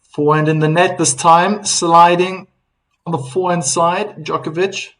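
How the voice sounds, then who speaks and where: A man commentating a tennis match on a live stream, in a chatty, loose play-by-play. His voice sits a bit high for a man, and he breaks off to read and answer viewer comments. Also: flat delivery, normal speed, a bit bright, rough recording. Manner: chatty, reads viewer comments aloud, laughs easily.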